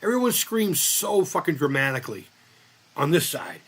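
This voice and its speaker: A man's voice: on the high side, sing-song, normal speed, a bit bright, husky. A man hosting a casual livestream chat, telling long stories in a rambling way and swearing freely. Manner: profane, rambling storyteller. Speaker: livestream host.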